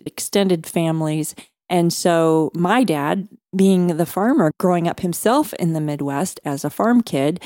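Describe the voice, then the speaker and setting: Mellow-voiced woman telling a story. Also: lowish voice, no room sound, clean studio sound. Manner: earnest, measured storytelling with dramatic pauses. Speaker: guest. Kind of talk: storytelling interview.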